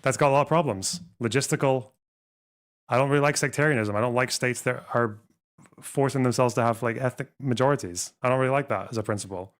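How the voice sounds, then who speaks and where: A man's voice: medium pitch, fast. A man streaming and reacting to a clip, combative, profane and sarcastic. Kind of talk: live stream reaction commentary.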